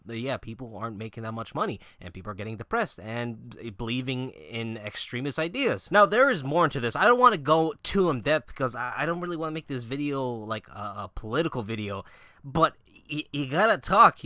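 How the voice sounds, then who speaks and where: A man's voice: medium pitch, pushed and bright, no room sound, studio quality. A man vlogging about gaming news in a casual, profane rant, mocking the people he disagrees with.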